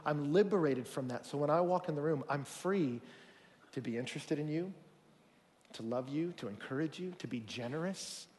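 A man preaching a sermon, telling stories and acting out the people in them, swinging from loud bursts to quiet stretches. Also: fairly high pitch, brisk, in a large hall. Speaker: pastor.

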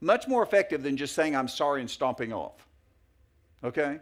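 A man's voice: on the high side, big pitch swings, normal speed. A middle-aged male pastor preaching a sermon in a folksy, anecdotal way with many fillers and restarts.

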